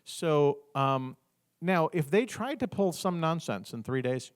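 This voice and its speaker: A man giving an informal business workshop talk, animated, acting out little dialogues with the audience. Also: a little high, unhurried, clean tone.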